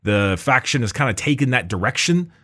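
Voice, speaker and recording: A man's voice: medium pitch, animated, a little fast, a bit bright. Rambling man chatting about game lore. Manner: rambling, many fillers and restarts, laughs often. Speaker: podcast co-host. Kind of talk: casual lore chat.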